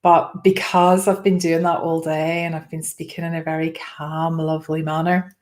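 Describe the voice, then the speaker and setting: A woman's voice: deep voice, level tone, moderate pace. Chatty woman hosting a live stream. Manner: chatty, rambling, greets viewers by name. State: slightly strained throat. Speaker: host. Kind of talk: casual live-stream chat.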